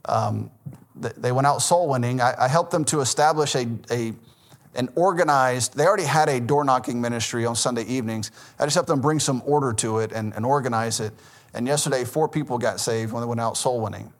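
A man's voice: mid-range voice, brisk. A man in his thirties, a pastor with a Southern American accent, preaching in a conversational sermon, correcting himself and laughing at his own stories.

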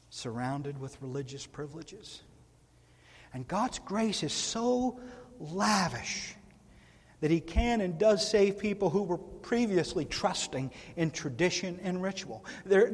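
A male pastor preaching a sermon in a church, earnest and emphatic, with long pauses. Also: high voice, breathy edge. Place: church sanctuary. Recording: reverberant church hall.

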